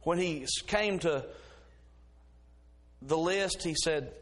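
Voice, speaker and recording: Preaching from the pulpit, a middle-aged pastor with a slightly high voice for a man shares homely stories in a relaxed, folksy manner before building to fervent, insistent preaching. He speaks slowly, with long pauses.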